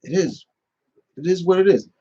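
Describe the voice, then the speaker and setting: A man's voice: sits high, lively intonation, moderate pace, dark tone, husky, dull audio. A man hosting a live question-and-answer stream, telling stories in a rambling casual way with many restarts.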